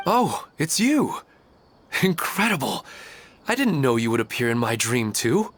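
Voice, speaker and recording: A man's voice: medium pitch, sing-song, fairly quick, close to an everyday voice. A man voicing an earnest family man. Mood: excited. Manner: earnest, heartfelt, plain-spoken. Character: earnest dreaming husband and father. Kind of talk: video game voice acting.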